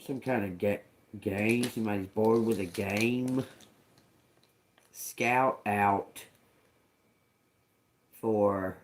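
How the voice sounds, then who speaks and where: A man doing a tarot reading, slowly sounding out words and phrases and repeating them as he tries to make sense of the messages. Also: fairly low pitch, fairly even intonation. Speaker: tarot reader. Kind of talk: slow channeled reading.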